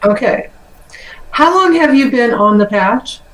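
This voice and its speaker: A woman hosts an interview, asking short, halting questions. Her voice sits a little high and has a roomy echo around it. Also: lively intonation, a bit bright. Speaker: channel host.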